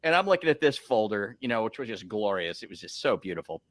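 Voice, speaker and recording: A man who works as a loan officer, telling a story in a casual, animated way and acting out what people said. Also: on the low side, fast, no room sound. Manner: animated storyteller, acts out quotes.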